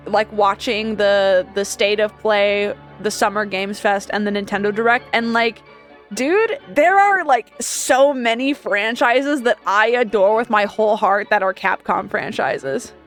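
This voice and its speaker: A woman streamer talking casually to her viewers, rambling from one thought to the next. She laughs often and trails off mid-sentence. Soft music plays faintly behind her. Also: medium pitch, steady tone, measured pace.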